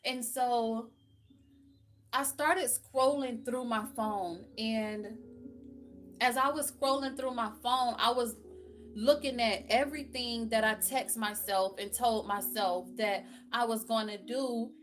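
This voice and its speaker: A woman's voice: a little high, fairly even intonation, slow, soft background music. A woman giving a candid personal faith testimony, earnest and frank, repeating phrases for emphasis. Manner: speaks to God plainly and frankly. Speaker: faith vlogger.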